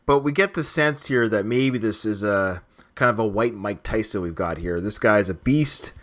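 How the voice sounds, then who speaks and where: A man's voice: fairly low pitch, normal speed, fairly bright tone. A man hosting a podcast, chatting casually about a film, laughing often and quoting lines from it. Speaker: podcast host.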